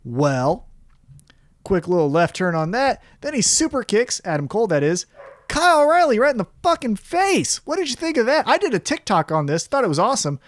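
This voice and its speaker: A man's voice: high voice, fairly quick, dry recording. A man co-hosting a casual wrestling review podcast, swearing freely and acting out quotes in a raised voice. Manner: profane, animated, acts out quotes in raised voice. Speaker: podcast co-host.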